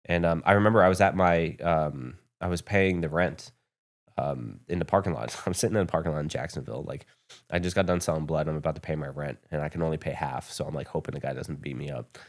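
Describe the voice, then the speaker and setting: A man's voice: very deep voice, quick pace. A man from the United States, a podcast guest telling his founder story in a candid, profane, rambling way. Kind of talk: casual storytelling interview. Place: podcast studio.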